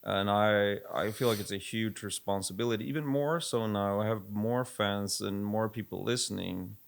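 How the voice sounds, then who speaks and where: A man's voice: lowish voice, moderate pace, vocal fry. A middle-aged man with a Swedish accent, co-hosting a casual chat and talking reflectively and candidly, often restarting his thoughts. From Sweden. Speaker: podcast co-host, music producer.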